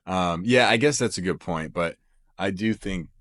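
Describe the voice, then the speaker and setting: A man's voice: low-pitched, moderate pace, fairly bright tone. A man co-hosting a sports podcast, rambling through casual chat with lots of fillers and restarts. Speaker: podcast co-host.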